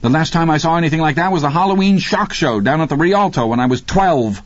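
A man's voice: fairly high pitch, lively intonation, fast, dry recording, lo-fi sound, pitched above the performer's own voice. A man voicing a frightened but sardonic bookish teenage boy. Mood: shaken wry. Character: shaken bookish teenage boy, wry and nervous.

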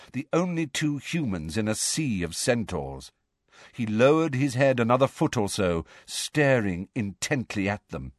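Lively man narrating a storybook, expressive, close and dry. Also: lowish voice, no room sound. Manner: expressive, varied delivery. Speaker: audiobook narrator. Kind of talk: storybook reading with character voices.

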